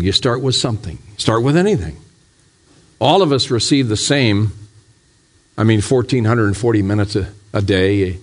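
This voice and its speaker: A man, a pastor, preaching a sermon in a church, putting question after question to his congregation and building to fervent, raised appeals. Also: fairly low pitch. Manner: asks the congregation repeated rhetorical questions.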